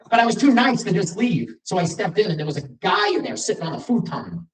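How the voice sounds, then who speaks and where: A man's voice: sits high, sing-song, quick pace, few pauses. A middle-aged man from Long Island, doing a stand-up set with self-deprecating stories and acted-out dialogue. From Long Island, New York. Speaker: stand-up comedian. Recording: roomy venue, mic from a distance.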